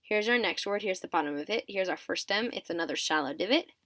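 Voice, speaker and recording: A woman teaches a constructed script in a step-by-step tutorial, counting items out loud, correcting herself, and sounding a bit sleepy as she yawns. Her medium-pitched voice is fairly bright with lively intonation and a quick pace. The recording is dry.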